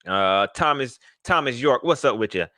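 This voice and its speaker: A man hosting a casual live sports talk stream, animated and shouting out viewers by name. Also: mid-range voice, moderate pace, dry recording, studio quality. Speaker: livestream host.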